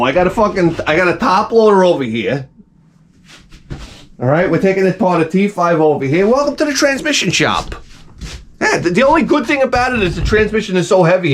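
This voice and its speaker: Male video host, comic ranter who swears freely, animated pitch, talking in a garage workshop. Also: slight background noise. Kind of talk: comedic rant.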